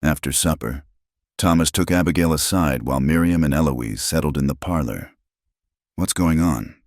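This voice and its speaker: Very deep-voiced male narrator. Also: a little fast, no echo, clean studio sound. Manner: dramatic storytelling. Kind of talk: scripted narration.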